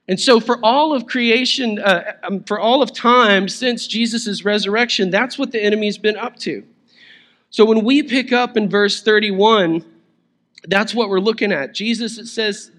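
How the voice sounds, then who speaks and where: High, bright-voiced male preacher. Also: normal speed. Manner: conversational and playful, chuckles as he preaches. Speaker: pastor. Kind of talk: sermon.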